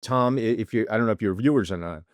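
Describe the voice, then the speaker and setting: A man's voice: lowish voice, quick pace, no echo, studio quality. A man co-hosting a snack podcast in casual chat, emphatic and wry. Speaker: podcast co-host.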